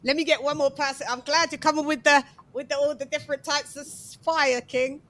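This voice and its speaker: High-voiced playful woman host. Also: fairly even intonation, a little fast, crowd noise. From England. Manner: playful, sing-song intros, chatty asides. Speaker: livestream host. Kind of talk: casual boxing chat livestream.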